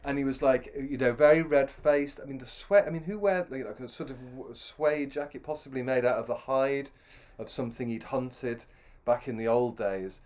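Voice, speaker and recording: A man's voice: mid-range voice, moderate pace, darkish tone. A middle-aged man telling a long, self-deprecating anecdote with many restarts. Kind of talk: anecdotal storytelling.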